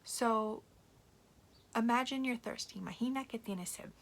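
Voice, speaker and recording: A woman teaching young children, switching between English and Spanish in an animated, playful way. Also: on the high side, normal speed. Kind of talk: bilingual read-aloud lesson for children.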